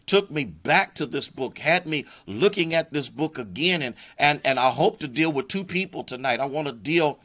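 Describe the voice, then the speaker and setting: A man's voice: a little high, animated, moderate pace, hardly any pauses, sharp tone. A man preaching a live-streamed sermon with an American accent, greeting viewers by name as he goes, fervent and personal, with many restarts and repeated words. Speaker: pastor.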